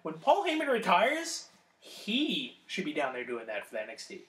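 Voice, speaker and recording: A man co-hosting a podcast, chatting casually about wrestling, excitable and swearing often. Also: a little high, moderate pace, roomy sound. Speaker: podcast co-host.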